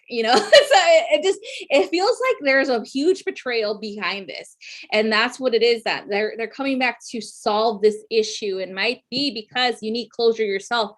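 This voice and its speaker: A woman's voice: a little high, expressive, normal speed. A woman giving a casual weekly zodiac reading, chatty and profane, full of filler words and frequent laughter. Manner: laughs often while talking. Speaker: astrology reader.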